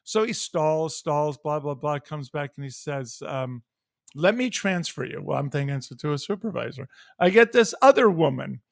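Slightly high and creaky, this American podcast co-host speaks at a normal pace while ranting animatedly through a profane story. He acts out both ends of a phone call, and the clean studio recording carries no room sound.

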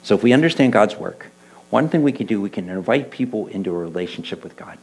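A middle-aged man and church elder preaching a conversational sermon, telling stories with lively quoted voices. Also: on the low side, fast talker, husky, poor audio. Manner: animated storytelling, voicing quoted people. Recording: mains hum in the background.

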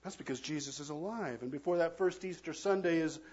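A man preaching a sermon as pastor, swinging from loud, emphatic lines to hushed, near-whispered ones. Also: a little high, a little fast, slightly rough, highs cut off.

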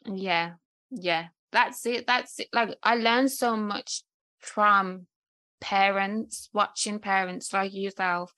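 A woman's voice: medium pitch, steady tone, slow, pushed and bright, dry recording. A woman hosting a podcast, talking reflectively and personally in casual conversation. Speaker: podcast host.

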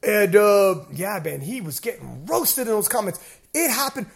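Male podcast host, high-pitched, animated storyteller who swears freely. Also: normal speed, gravelly, breathy edge. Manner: animated storytelling, acts out shouted quotes. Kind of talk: casual chat.

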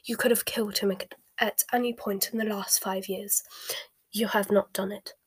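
A woman reading a scornful, fanatically loyal dark witch aloud in a whispered storybook voice, sneering and quick to flare. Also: medium pitch, steady tone, slightly rough, lightly acted.

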